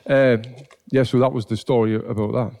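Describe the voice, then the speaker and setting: A man's voice: mid-range voice, steady tone, moderate pace, vocal fry, dark tone. A man telling stories on a podcast, laughing and swearing as he goes. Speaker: podcast co-host. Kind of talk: casual chat.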